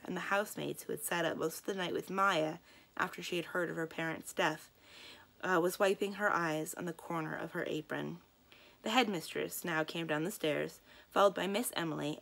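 A woman librarian reading a children's book aloud in a calm, expressive storytelling manner. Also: lowish voice, brisk, vocal fry.

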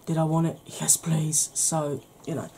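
A woman talking softly in a casual ASMR makeup video, drifting into whispers. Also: sits low, level tone, a little slow, slight background noise. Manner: chatty, softly spoken with whispered stretches. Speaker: beauty YouTuber. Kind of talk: soft-spoken ASMR makeup chat.

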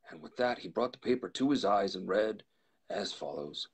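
A man hosting a storytelling show, slowly and deliberately reading a classic novel aloud. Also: fairly low pitch, lively intonation, very noisy. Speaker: storyteller host.

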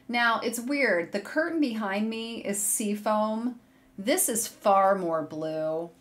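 A woman hosting a knitting video podcast from a room at home, chatting casually and gushing excitedly to viewers as she shows yarn. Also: medium pitch, takes it slowly. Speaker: podcast host. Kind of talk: casual chat showing yarn on camera. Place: home room with a curtain behind her. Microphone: desk setup facing a monitor.

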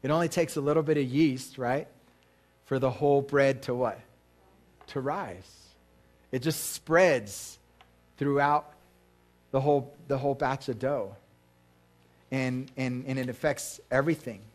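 Unhurried and given to long pauses, a male pastor with a mid-range voice preaches in church, talking casually with the congregation, asking questions, and acting out voices from his stories.

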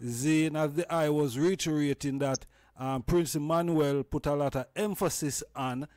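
A Jamaican man hosts a reasoning and asks his questions slowly, pausing often on "um". His voice sits a bit high, and the sound is dry and close. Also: steady tone, a little mellow, no room sound. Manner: hesitant, filled with "um"s. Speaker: host. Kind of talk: casual reasoning.

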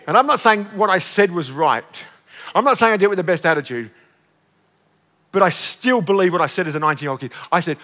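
A man in his fifties preaching a sermon as pastor, exclaiming, breaking into shouts and laughing at himself. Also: high-pitched, animated, fast talker. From Australia. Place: church auditorium. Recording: long church hall reverb.

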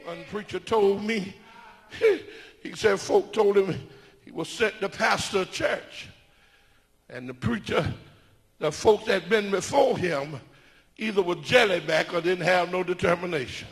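A preacher man delivers his sermon in a high, gravelly voice that swells into shouted, half-sung runs. His tone is bright and cutting, and a long reverb from the church hall trails behind every phrase. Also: measured pace. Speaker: bishop.

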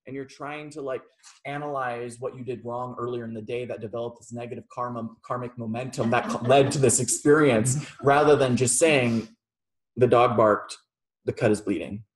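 A man preaching a relaxed, conversational sermon to a small class, telling a personal story and laughing often. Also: mid-range voice, a little fast. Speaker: reverend.

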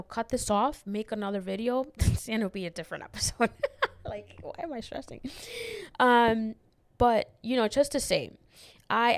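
A woman's voice: medium pitch, gravelly, dry recording. A young woman hosting her own podcast, rambling through a personal story with lots of fillers and restarts, close to tears. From immigrant who moved to the United States as a child. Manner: rambling, many fillers and restarts, gets emotional. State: tearful, near crying. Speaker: podcast host. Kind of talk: personal reflective monologue.

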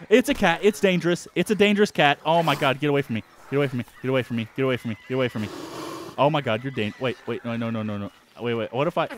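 A man hosting a let's-play, giving excitable, jumpy commentary and yelping at surprises. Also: medium pitch, background noise. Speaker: gaming channel host.

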